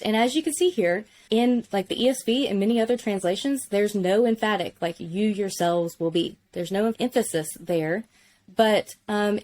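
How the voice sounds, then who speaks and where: A woman teaching Biblical Hebrew in a relaxed conversational way, enthusiastic and explanatory, often saying "like". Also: mid-range voice.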